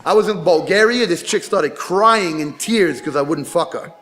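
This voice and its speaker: A man's voice: high-pitched, moderate pace, a bit bright. A man, a rapper, talking casually in an interview and telling boastful, profane stories.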